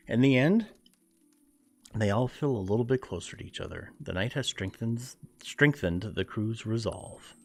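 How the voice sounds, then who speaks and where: A man with a fairly low voice plays a strategy game and talks over it in an easygoing, chatty way. He reads the on-screen text aloud, then muses through his choices with jokey asides. Quiet game music runs underneath. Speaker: let's play gamer. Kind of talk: casual gameplay commentary, reading game text aloud.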